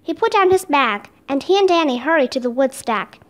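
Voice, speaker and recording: A woman reading a children's chapter book aloud with steady, expressive narration. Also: high-pitched, a little fast. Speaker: storybook reader.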